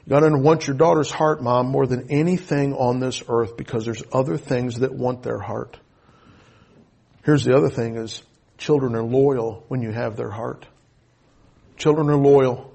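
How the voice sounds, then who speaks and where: A middle-aged man delivers a sermon, recounting a personal story with deep emotion as his voice swings between loud and hushed. His tone is creaky and husky.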